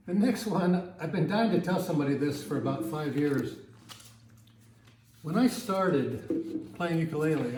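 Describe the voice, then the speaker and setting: A man teaching ukulele in a relaxed, chatty way, with many fillers, counting beats and sometimes singing along. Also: fairly high pitch, echoey room, slight background noise. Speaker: ukulele club instructor. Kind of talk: casual ukulele lesson with strumming and singing.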